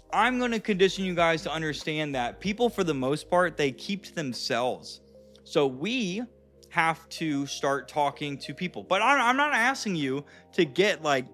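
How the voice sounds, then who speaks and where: A man's voice: fairly high pitch, bright, forceful tone. Chatty, profane man in his thirties. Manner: chatty, profane, addresses viewers as guys and dude. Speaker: dating and confidence coach. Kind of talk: casual coaching monologue.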